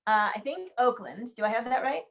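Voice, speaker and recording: A woman's voice: on the high side, lively intonation, brisk, crowd noise. A woman hosting an online sing-along, chatting as she greets viewers one by one by name over a video call. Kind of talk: livestream welcome and greetings. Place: room in Washington, D.C.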